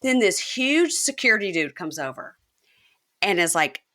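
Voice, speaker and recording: A woman's voice: mid-range voice, very animated, normal speed, fairly bright tone. A woman hosting a casual chat, retelling scenes and acting out quotes in exaggerated voices. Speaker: podcast host.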